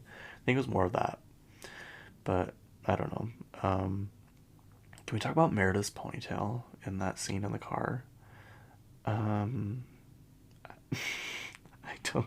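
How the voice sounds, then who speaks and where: Chatty man with a gravelly low voice. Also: normal speed. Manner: chatty, filler-heavy, frequent hushed asides. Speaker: podcast host. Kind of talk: casual pop-culture commentary.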